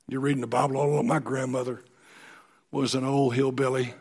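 A middle-aged man preaching a sermon in a folksy, emphatic way, often dropping to a soft voice. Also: medium pitch, fairly even intonation, brisk, husky. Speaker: pastor.

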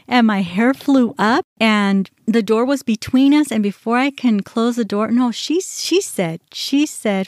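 A middle-aged woman hosting a podcast, telling a personal story in an animated way, often quoting herself and others. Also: on the high side, unhurried, few pauses, no echo, clean studio sound. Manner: animated, quotes herself and others, restarts when upset. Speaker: podcast host.

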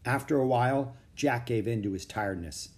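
A man narrating a children's chapter book aloud in a steady, expressive reading. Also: medium pitch, brisk. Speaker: audiobook narrator. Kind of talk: storybook read-aloud.

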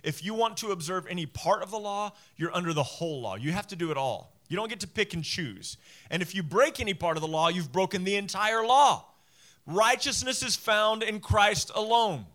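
A man with a high, bright voice preaches a sermon to his congregation. He is emphatic, doubles up his words and slips into little acted voices for the people he quotes. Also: lively intonation, moderate pace. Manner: emphatic, repeats phrases, acts out quoted voices. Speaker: pastor.

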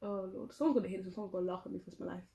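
A young woman telling a story about her schooldays in a casual, animated way, acting out the dialogue. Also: medium pitch, very fast, gravelly. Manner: animated, dramatic retelling with quoted dialogue. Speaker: vlogger.

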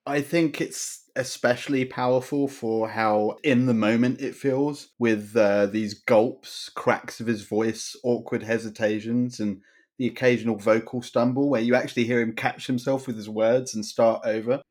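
A man's voice: medium pitch, steady tone, darkish tone. Analytical male film podcast host. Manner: measured, analytical, fond of wordplay. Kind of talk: film discussion.

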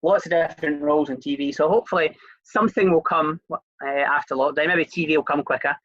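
Chatty Scottish interview host, bright voice. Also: mid-range voice, fast talker, no echo, muffled recording. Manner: chatty, rambling, many fillers and restarts. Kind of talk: casual interview chat.

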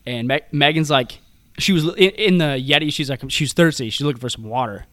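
A man's voice: fairly high pitch, a little fast, bright, forceful tone, dry recording. A young man telling a long, profane, rambling story in casual chat, laughing often.

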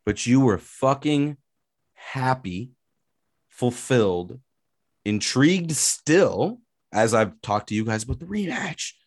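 Mid-pitched man, sports podcast co-host, animated and profane, dry close mic. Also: slow pace, no echo. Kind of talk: casual sports chat.

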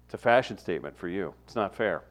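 A man co-hosting a casual chat, joking and throwing in quick impressions. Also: low-pitched, lively intonation. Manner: joking, imitates surfer drawl in asides.

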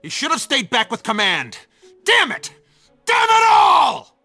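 Game cutscene: a soldier losing it, shrill, bright and lively, yelling over music. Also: male voice, unhurried, no echo, exaggerated voice. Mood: frantic. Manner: screaming in a frenzy. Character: frantic grief-stricken male soldier screaming.

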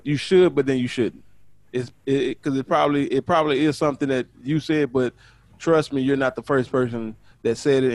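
A man hosting a casual podcast chat, talking quickly and excitedly, often repeating words as he goes. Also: mid-range voice, no echo. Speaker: podcast host.

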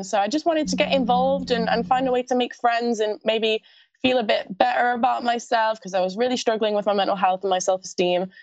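A woman's voice: fairly high pitch, dry recording. A young woman with a mild Scottish accent, a pageant guest chatting in an interview in a bubbly, gushing way and laughing often. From Scottish roots, moved to the UK at sixteen. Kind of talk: casual interview chat. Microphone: video call.

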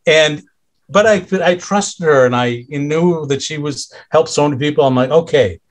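A middle-aged man, a podcast guest, telling a personal story in a candid, conversational way, halting often with restarts and fillers and acting out what others said. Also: on the high side. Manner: acts out others' lines in quoted voices.

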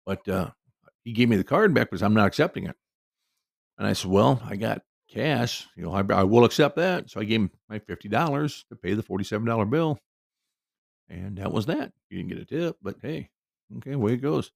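A man's voice: on the low side, lively intonation, fairly quick, gravelly, no echo, studio quality. A middle-aged man telling a casual personal anecdote in a rambling, folksy way with lots of asides. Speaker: storyteller.

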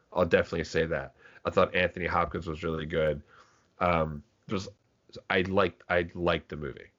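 A man's voice: deep voice, a bit bright. A man co-hosting a podcast, chatting casually about movies, rambling with frequent restarts and casual swearing. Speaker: podcast co-host. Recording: dull lo-fi podcast audio.

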